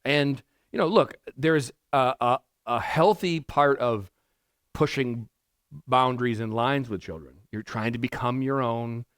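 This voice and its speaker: A man preaching in an easygoing, conversational way, often circling back and restarting his sentences. His voice sits at an ordinary middle pitch and sounds close and dry, with almost no room echo. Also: a little slow, fairly bright tone, clear, resonant tone. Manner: casual and rambling, with many restarts and asides. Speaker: pastor. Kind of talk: conversational expository sermon. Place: church sanctuary.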